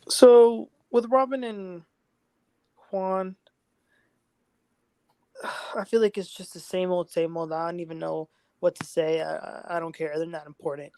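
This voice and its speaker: A woman speaks slowly and with hesitation, stalling as she searches for what to say. The recording is dry, with no room sound around her. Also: on the low side, fairly even intonation, mellow, no room sound. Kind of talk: casual chat.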